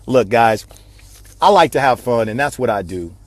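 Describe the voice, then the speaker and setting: A man's voice: medium pitch, animated, normal speed, no echo. A man giving a passionate, repetitive motivational talk on a live video stream, like a preacher. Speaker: network marketing speaker.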